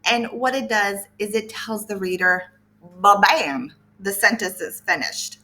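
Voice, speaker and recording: A woman's voice: mid-range voice, fairly even intonation, normal speed, bright, forceful tone. A woman teaching English to learners, explaining patiently with playful emphasis and sound words. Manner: patient, repeats key points. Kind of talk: explaining lesson to camera.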